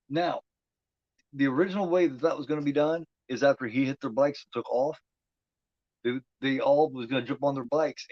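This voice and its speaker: A man's voice: medium pitch, no room sound, highs cut off. A man giving casual, profane commentary while watching a movie, talking back at the screen.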